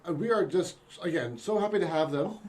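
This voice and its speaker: A man's voice: a little high, brisk, noisy background. A man hosting an improv comedy show, bantering playfully with his co-host. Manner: playful, animated.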